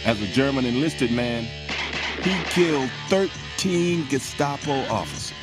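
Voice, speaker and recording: An actor as a film narrator who states grim facts in a steady, matter-of-fact way. The voice sits in an ordinary middle register. It rides over a loud, twangy guitar score from the soundtrack. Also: male voice, medium pitch, unhurried, lightly acted.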